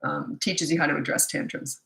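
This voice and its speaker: An older woman, a parenting coach, answering viewer questions in a quick, chatty live-stream Q&A from a phone. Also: low voice, steady tone, vocal fry, fairly bright tone. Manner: fast-talking, chatty. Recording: echoey room.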